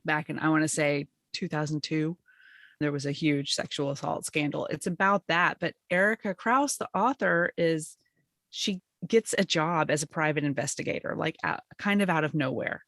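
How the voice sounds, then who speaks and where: A woman's voice: low voice, moderate pace, a bit bright, dry recording, clean studio sound. A middle-aged woman co-hosting a podcast, chatting enthusiastically and laughing often. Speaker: podcast co-host. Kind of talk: casual chat.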